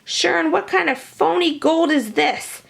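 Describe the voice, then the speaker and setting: A woman's voice: very high voice, unhurried, gravelly, pitched above the performer's own voice, exaggerated voice. A woman voicing a sneering tiny male leprechaun with an Irish accent in a children's storybook. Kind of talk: storybook read-aloud.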